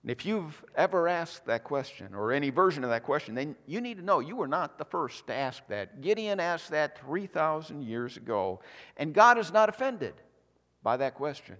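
A male pastor preaching a sermon in a conversational, animated way, in a church sanctuary. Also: a little high, moderate pace. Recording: long hall reverb.

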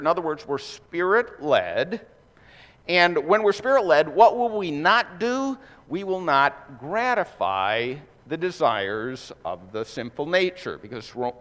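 A man preaching in a church sanctuary, his voice fairly high for a man and swinging widely up and down as he talks. He keeps it conversational, tossing rhetorical questions to the congregation. A long reverb trails behind every phrase in the big hall. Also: fairly bright tone. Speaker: pastor. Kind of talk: sermon.

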